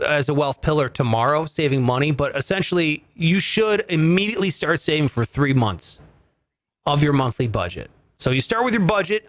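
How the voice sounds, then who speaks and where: Male podcast host, comedic money talk, animated, higher voice. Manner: animated, swearing, joking rants. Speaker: comedy finance show host.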